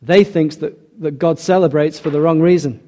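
Earnest male preacher, mellow voice. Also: a little high, fairly even intonation, moderate pace. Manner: earnest, emphatic, asks rhetorical questions. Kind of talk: sermon.

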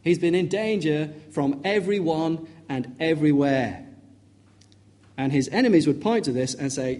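A man's voice: fairly high pitch, moderate pace, warm tone. A man preaching an expository sermon, reading scripture aloud with emphatic rising questions.

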